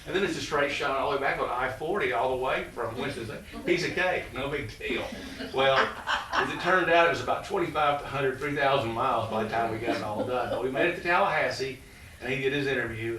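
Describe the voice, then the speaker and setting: A man's voice: medium pitch, fast talker, bright, forceful tone. A man in his sixties, a college president, telling rambling stories to an audience with many fillers. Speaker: college president giving a talk. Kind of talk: storytelling talk to an audience. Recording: echoey room, distant mic, faint noise.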